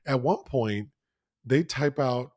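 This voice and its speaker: A man co-hosting a casual film review podcast, talking in an animated way with frequent laughter and mock outrage. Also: mid-range voice, slow, dry recording, studio quality. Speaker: podcast co-host.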